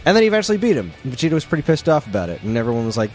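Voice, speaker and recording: A man co-hosting a podcast, recapping an episode in an excitable, slangy, casual way. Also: mid-range voice, very fast, faint music behind. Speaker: podcast co-host.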